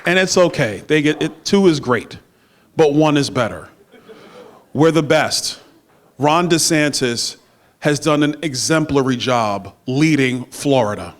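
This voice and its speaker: A middle-aged man with a fairly high, lively voice gives a campaign stump speech at a measured pace. Speaking at a party dinner in a banquet room with a handheld mic, he blends emphatic oratory and playful back-and-forth with the audience.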